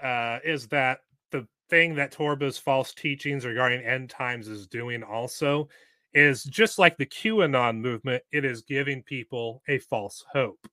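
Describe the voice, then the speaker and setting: Emphatic male podcast guest, bright voice. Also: mid-range voice, unhurried, dry recording. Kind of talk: casual interview chat.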